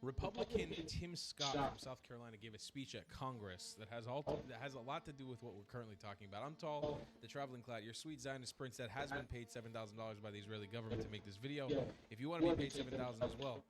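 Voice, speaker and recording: Fast-talking angry man ranting. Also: mid-range voice, crowd noise. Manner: angry, profane, pleading. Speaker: online commentator. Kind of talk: heated political rant to camera.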